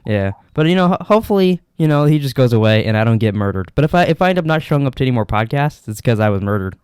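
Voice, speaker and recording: A man's voice: mid-range voice, lively intonation, very fast, a little mellow, smooth, dry recording, studio quality. A young man co-hosting a podcast, telling rambling, profane stories in casual chat. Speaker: podcast co-host.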